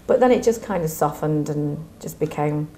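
A woman's voice: low-pitched, moderate pace, mellow. A woman with a northern English accent, a musical theatre performer chatting in a bubbly, self-mocking way in a theatre. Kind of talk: casual interview chat.

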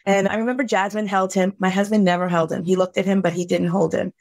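Speaking in a mid-range voice with little pitch movement, some vocal fry, and a slightly mellow quality, a middle-aged woman shares a painful story as a podcast guest. She's earnest and heartfelt, halting at the hardest parts, with no room sound.

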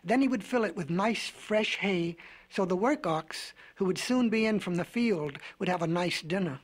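Breathy, whimsical male storyteller. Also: sits high, moderate pace. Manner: gentle, whimsical, folksy storytelling. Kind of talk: storybook record narration.

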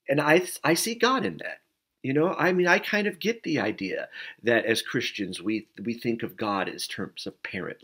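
A man's voice: fairly low pitch, fairly bright tone. A middle-aged man, a pastor, giving an informal sermon as a story with many fillers and restarts. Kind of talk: conversational sermon.

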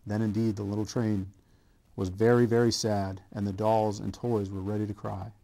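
A man reading a children's picture book aloud, in a slow, gentle storytelling manner with small stumbles. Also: on the low side, little pitch movement, vocal fry. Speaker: coach.

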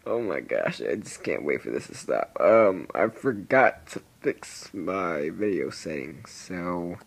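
A man's voice: big pitch swings, slow, creaky, slightly rough. Goofy teen boy with a breaking voice. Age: teens. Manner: goofy, rambling, jumps into squeaky silly voices. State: voice breaking with adolescence. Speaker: gaming video creator. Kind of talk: casual gameplay commentary.

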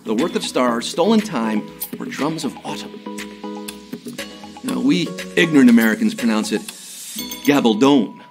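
A man's voice: mid-range voice, expressive, moderate pace, long pauses, over music. A man hosting a live trivia game show, with jokey, hyped-up patter.

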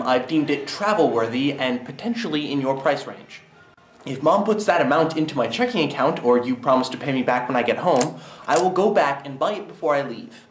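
Wry young man, roomy echo. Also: mid-range voice. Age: young adult. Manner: wry, jokey asides. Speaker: college student vlogger. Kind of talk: casual vlog and voiceover.

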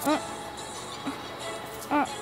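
A woman's voice: drawn-out words, low-quality recording. A woman giving playful commentary while gaming, giggling and making sound effects over game music. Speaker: gamer.

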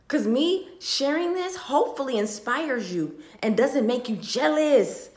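Young woman vlogger, tearful and sighing, a little high-pitched, heartfelt and repetitive, phone camera in an echoey room. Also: animated, a little slow, hardly any pauses. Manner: heartfelt, repetitive, swinging between hushed and loud. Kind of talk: emotional talk to camera. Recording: roomy echo.

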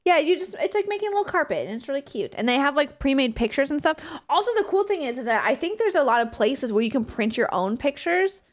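A woman in her thirties chats loosely with her live audience, laughing and cursing as she goes. Her fairly high voice swoops up and down with lots of energy. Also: fast talker, hardly any pauses. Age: 30s. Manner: giggly, animated and swearing freely. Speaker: streamer. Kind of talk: casual live-stream chat.

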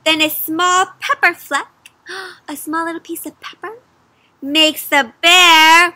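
A woman giving an interactive read-aloud for children, animated, with gasps and questions to her young listeners. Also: extremely high pitch, no echo. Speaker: children's storyteller.

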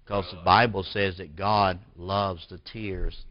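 A man preaching a sermon as pastor in a church. He swings from forceful bursts to quiet, hushed lines. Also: deep voice, steady tone, slow pace, dry recording, lo-fi sound. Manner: preaching with rising emphatic bursts and drops to near-whisper.

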